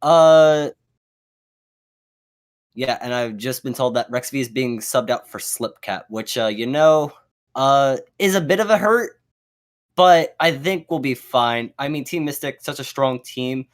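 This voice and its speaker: A man's voice: medium pitch, normal speed. A man co-casting a live esports match, joking around and rambling with filler words. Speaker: esports co-caster.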